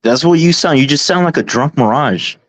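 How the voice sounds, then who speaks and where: A man's voice: a little high, animated, fairly quick, no room sound. A man hosting a heated boxing panel chat, arguing back, repeating himself and restarting sentences. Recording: dull lo-fi call audio.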